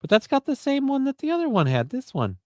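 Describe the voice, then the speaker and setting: A man's voice: very high-pitched, wildly swooping pitch, quick pace, darkish tone, no echo. A man hosting a casual livestream, loose, profane and jokey, reading chat comments and card text aloud. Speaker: livestream host.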